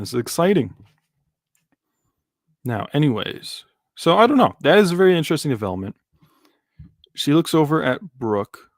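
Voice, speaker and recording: A man's voice: on the high side, sing-song, normal speed, long pauses, dry recording, studio quality. A man streaming a live reaction, rambling casually with lots of fillers and restarts. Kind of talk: live manga reaction commentary.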